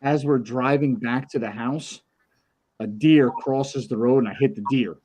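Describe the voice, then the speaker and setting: A man's voice: mid-range voice, measured pace, darkish tone, lo-fi sound, slight background noise. A man on a podcast spins a personal story in loose, casual chat. He acts out every voice in it and swears freely, in an ordinary mid-range voice. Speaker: podcast co-host.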